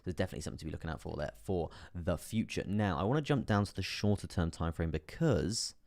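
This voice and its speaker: A fast-talking man with a low, creaky, darkish voice and lively intonation hosts a live trading stream, reading chart analysis in a casual, filler-heavy way. He's chatty and laughs often at the chat, recorded in studio quality with no room sound.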